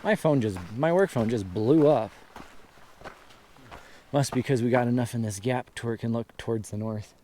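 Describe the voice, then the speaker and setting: A man filming himself on a high mountain trail, chatting casually to an action camera and pointing out landmarks as he walks. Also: normal speed, long pauses, mellow, a little hiss or hum. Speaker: hiker filming his trip.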